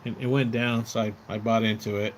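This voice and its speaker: A man's voice: fairly low pitch, little pitch movement, fairly quick, slight background noise. A man live streaming from outside his house, rambling in casual chat, repeating words and swearing when he gets riled up. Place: outdoors near his house.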